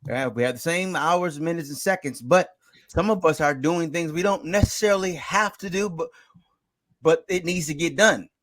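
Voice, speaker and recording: A man guest on a business show, talking with lively energy and frequent restarts. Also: a little high, moderate pace. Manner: energetic, warm storytelling with restarts. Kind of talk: casual interview talk.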